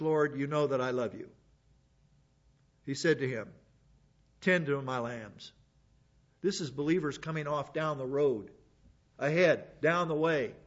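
Man preaching in a lo-fi recording. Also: a little high. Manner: conversational Bible teaching with asides. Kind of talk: sermon.

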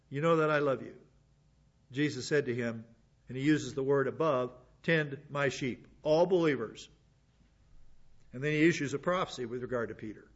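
Guy preaching, talks it through casual w little asides, slightly high voice, muffled old recording. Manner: conversational Bible teaching with asides. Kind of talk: sermon.

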